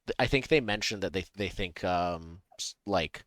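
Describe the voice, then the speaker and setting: A man running a tabletop role-playing game as game master, improvising with halting restarts. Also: low-pitched, a bit bright, no echo. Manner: halting, many fillers and restarts while improvising.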